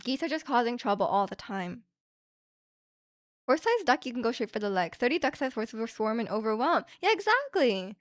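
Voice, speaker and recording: A woman's voice: fairly high pitch, sing-song, brisk, no room sound, clean studio sound. A young woman livestreaming from home, chatting in a rambling way and reading out viewer comments with light laughs.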